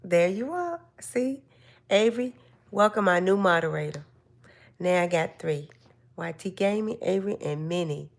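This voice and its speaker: An older woman hosting a casual live stream chat, giving slow, gentle, motherly advice to her viewers. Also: on the low side, creaky.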